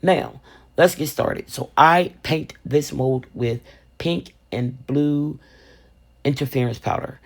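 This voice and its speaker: A woman's voice: sits low, slow. An older woman hosting a crafting vlog, telling a story in a sassy, playful way and calling herself Mama. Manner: sassy, playful, calls viewers baby and sugar, refers to herself as Mama. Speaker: resin crafting video host.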